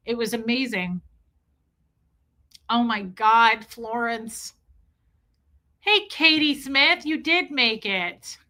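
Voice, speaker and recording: A middle-aged livestream host with a fairly high, sharp voice speaks slowly with long pauses. She reads her chat and answers viewers directly, talking candidly and emotionally.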